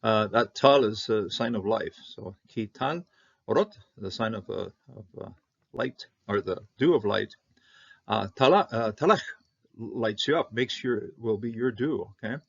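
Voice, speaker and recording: A man who grew up in Canada, teaching Hebrew Bible words in an informal lesson, halting with many fillers and sounding out the Hebrew slowly. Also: on the low side, gravelly, slightly rough, dull audio.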